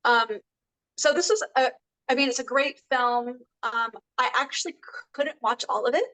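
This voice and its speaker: A woman with a fairly high voice hosting a casual movie review chat. She rambles in a friendly way, full of ums and asides. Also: moderate pace, fairly bright tone, low-quality recording. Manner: chatty, lots of fillers and laughs. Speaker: co-host.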